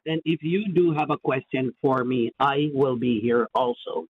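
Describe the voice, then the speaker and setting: A man on a phone call, coaxing and persuasive, pitching a get-rich chance. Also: normal speed, a little hiss or hum. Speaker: phone scammer. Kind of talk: phone conversation. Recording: tinny phone line.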